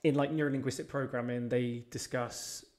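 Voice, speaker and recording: A man talks as a podcast guest, retelling personal stories in a loose, casual way. He is blunt and swears freely, with lively shifts in his telling. His voice sits at an ordinary middle pitch for a man. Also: moderate pace. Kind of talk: casual storytelling chat.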